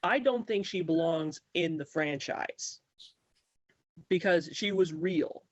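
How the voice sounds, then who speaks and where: A man's voice: on the high side, takes it slowly, dry recording, highs cut off. A man joining a podcast as a guest, speaking earnestly in short firm statements. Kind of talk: casual chat.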